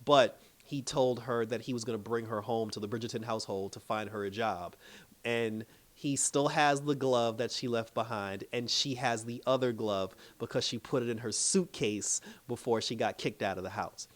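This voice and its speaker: A man's voice: medium pitch, moderate pace. A man hosting his own channel, chatting casually through an episode recap, laughing often and acting out the characters' lines. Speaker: TV episode reviewer.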